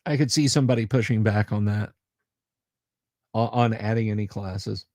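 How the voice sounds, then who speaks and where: A man's voice: on the low side, steady tone, moderate pace, a little mellow, no room sound, clean studio sound. Chatty man rambling on a livestream. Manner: rambling, self-interrupting, chatty; reacts to viewer comments. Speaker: livestream host. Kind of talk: casual livestream chat.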